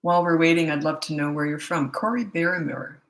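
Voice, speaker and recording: Middle-aged lady parenting coach, chatty livestream, says hi to everyone, cracks little jokes, lowish voice. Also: brisk, low-quality recording. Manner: chatty, greets viewers by name and place, jokey asides. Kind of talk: casual livestream chat.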